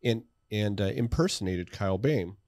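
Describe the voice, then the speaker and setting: A man's voice: on the low side, lively intonation, normal speed, darkish tone. A middle-aged man hosting a podcast in a studio, talking casually with frequent chuckles. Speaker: podcast host, physician.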